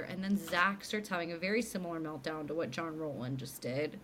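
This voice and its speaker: Animated young woman recapping TV episodes. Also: sits low, fairly quick, few pauses, a little hiss or hum. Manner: animated retelling, acts out characters' lines. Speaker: podcast co-host recapping episodes. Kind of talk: casual chat.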